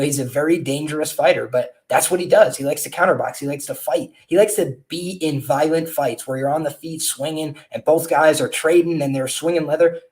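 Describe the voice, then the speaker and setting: With a slightly high, somewhat mellow voice, a man hosting a podcast offers his casual take on betting lines for upcoming fights. The fight handicapper rambles conversationally, peppering his talk with fillers and restarts.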